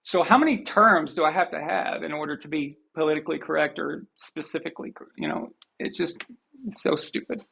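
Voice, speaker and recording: Here the American live sports show host rants casually and bluntly, rambling, repeating and restarting. He talks a little fast in a voice on the high side, creaky, pushed and bright, with slight roughness.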